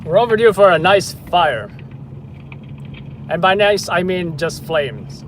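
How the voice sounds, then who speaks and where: A man's voice: high-pitched, lively intonation, slow pace, a little hiss or hum. A man hosting a live news stream, chatting casually in a rambling, hesitant way with lots of fillers.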